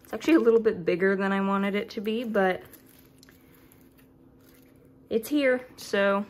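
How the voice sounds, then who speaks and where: A woman's voice: medium pitch, measured pace. A young woman chatting casually in a vlog as she sets up a pet enclosure, apologetic and a little flustered. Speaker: reptile keeper vlogger.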